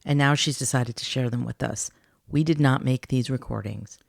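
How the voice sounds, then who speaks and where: A man hosting a podcast, reading scripted narration and clarifying points in a measured way. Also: mid-range voice, gravelly, no room sound, clean studio sound. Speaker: podcast host.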